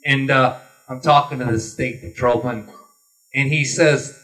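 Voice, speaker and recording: At a meeting-hall forum, a man running for governor gives a folksy, earnest closing statement in a mid-range, steady, unhurried voice with a sharp tone. A distant room mic picks him up.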